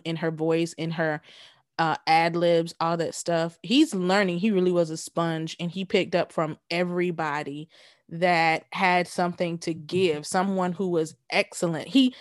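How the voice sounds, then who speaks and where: A woman's voice: lowish voice, no echo, studio quality. A woman from the American South co-hosting a casual podcast, emphatic and playfully scolding. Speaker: podcast co-host. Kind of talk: casual chat.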